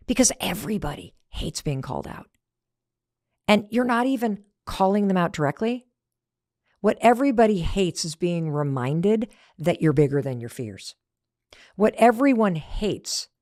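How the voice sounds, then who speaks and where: In her motivational podcast, a middle-aged woman with a medium-pitched voice talks conversationally and performs the lines she quotes. The recording is studio quality, with no echo.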